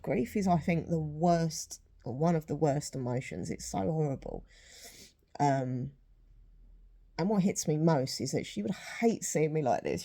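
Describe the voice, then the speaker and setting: Woman vlogger, low mellow voice, emotional and close to tears, rambling and apologetic. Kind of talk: casual chat to camera.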